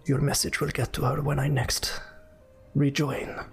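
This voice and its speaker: A man voicing a proud, stern male legion warrior who speaks slowly and formally. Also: medium pitch, flat delivery, gravelly, music in the background. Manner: slow, stiff, formal.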